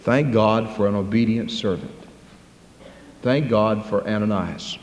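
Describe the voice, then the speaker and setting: A man preaching a sermon, swinging from loud, high-pitched preaching to slow, quiet, low passages. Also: a little hiss or hum. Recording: echoey hall, long reverb.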